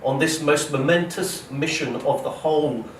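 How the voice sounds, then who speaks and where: A man, an author giving a lively storytelling lecture, acting out quoted speech and often checking in with "okay?" and "right?". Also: fairly high pitch, moderate pace. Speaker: author giving a public talk. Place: lecture hall at a museum. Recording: roomy hall, voice from a distance, faint noise.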